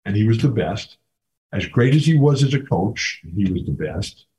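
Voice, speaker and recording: A man's voice: fairly low pitch, sing-song, normal speed, warm tone. Rambling enthusiastic older man. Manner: rambling, enthusiastic, repeats words. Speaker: podcast guest. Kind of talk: casual storytelling interview.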